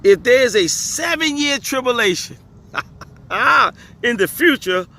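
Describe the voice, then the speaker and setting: A man's voice: extremely high pitch, animated, slow pace, bright, forceful tone. A man teaching scripture in a casual video, repeating his points with emphasis and chuckling often. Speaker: religious teacher.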